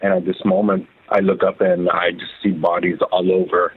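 A man telling his own story as an interview guest, halting and repeating words as he recounts it. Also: low voice, flat delivery, breathy edge. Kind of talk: emotional first-person testimony. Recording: phone-like narrow band.

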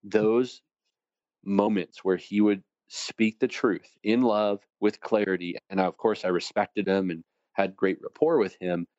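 A man with a low voice, speaking as an interview guest. He tells his stories with energy and acts out the people he quotes. The recording sounds dull and completely dry. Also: steady tone, measured pace, a little mellow, dry recording. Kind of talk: conversational storytelling.

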